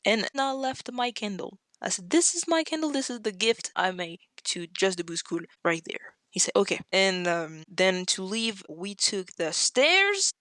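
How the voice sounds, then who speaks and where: Animated woman telling a story. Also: measured pace, hardly any pauses, no echo, studio quality. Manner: animated, acts out quotes with sudden jumps in pitch. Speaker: podcast guest. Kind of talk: storytelling in casual conversation.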